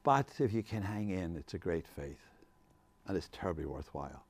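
A man leading a faith discussion with an audience, rambling and animated, laughing often and restarting his sentences. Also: sits low, normal speed. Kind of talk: informal talk with audience questions.

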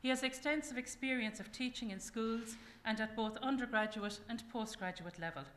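A woman's voice: on the high side, normal speed, fairly bright tone. A woman hosting an event, giving a formal and gracious welcome speech. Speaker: event host. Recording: echoey room with faint ambient noise.

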